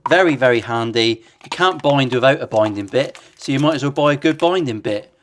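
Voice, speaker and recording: A man's voice: mid-range voice, expressive, a little fast, fairly bright tone, a little hiss or hum. A man, a luthier chatting casually and sarcastically while building a guitar in his workshop, swearing freely.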